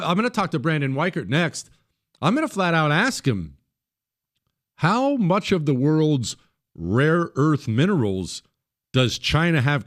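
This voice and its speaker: A man hosting a talk radio show, delivering a conversational monologue and repeating points for emphasis. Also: on the high side.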